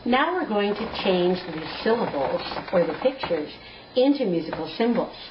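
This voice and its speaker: A woman music teacher, giving a slow, patient, clearly spoken lesson. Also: medium pitch, big pitch swings, background noise. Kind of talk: recorded classroom lesson. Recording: echoey, dull lo-fi room recording.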